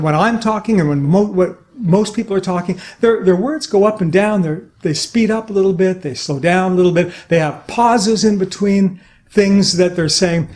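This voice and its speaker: A middle-aged man teaching how to use the voice, in a fairly high register. He talks with energy and shows each point by playing with his own voice. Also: a little mellow. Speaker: communication trainer. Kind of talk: instructional talk to camera.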